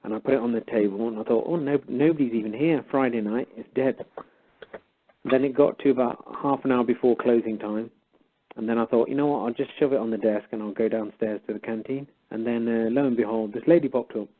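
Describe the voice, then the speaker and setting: A man's voice: medium pitch, fairly even intonation, fast. A man casually retelling a story, animatedly acting out both sides of a conversation. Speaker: guest storyteller. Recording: tinny phone-like line.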